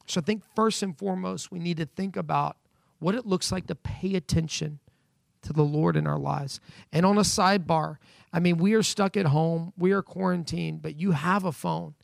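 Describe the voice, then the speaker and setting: A man's voice: on the high side, normal speed, vocal fry, no room sound. A man preaching a sermon from home, speaking earnestly and building emphasis as he quotes scripture. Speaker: pastor. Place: at home during quarantine.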